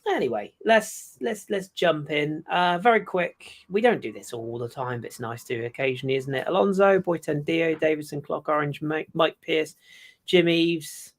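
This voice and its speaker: A man's voice: fairly high pitch, normal speed. A man hosting a podcast in casual, jokey chat. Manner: jokey, self-mocking banter. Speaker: podcast host.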